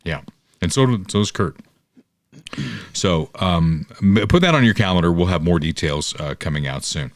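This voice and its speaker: Deep-voiced chatty host. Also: male voice, animated, normal speed, no echo, clean studio sound. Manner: chatty, folksy, upbeat salesman delivery. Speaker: podcast host and local political candidate. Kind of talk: casual podcast talk with sponsor reads.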